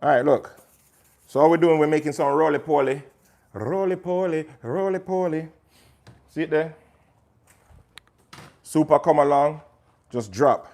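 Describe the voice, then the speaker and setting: Chatty chef hosting a cooking livestream. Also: male voice, a little high, steady tone, normal speed, creaky, pauses often, darkish tone. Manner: chatty, talks to viewers by name, pushes his cookbook. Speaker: chef and host. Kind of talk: casual cooking livestream chat.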